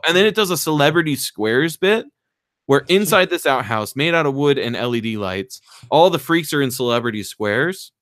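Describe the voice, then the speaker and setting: A man on a podcast excitedly retelling a movie plot, acting out the lines in raised voices and swearing freely. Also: mid-range voice, fairly quick, no room sound, studio quality. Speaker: podcast co-host. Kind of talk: casual chat, retelling a movie.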